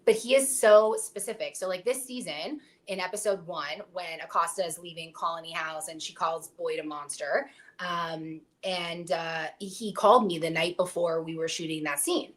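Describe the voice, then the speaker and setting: A woman's voice: lowish voice, normal speed. A young adult woman talking candidly about her acting work as a guest on a review show, in a casual, filler-heavy way. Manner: candid and chatty, with many fillers. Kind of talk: casual chat.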